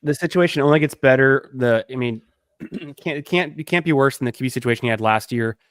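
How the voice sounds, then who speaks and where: A man from Texas calmly breaking down player prospects in a casual fantasy football chat. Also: medium pitch, dry recording, studio quality. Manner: measured, analytical talker. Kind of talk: casual chat on a live stream.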